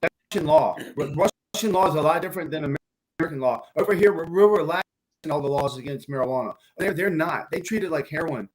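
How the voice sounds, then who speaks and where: Man, panelist, quick interjections, fast talk, slightly high pitch. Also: poor audio. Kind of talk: casual debate.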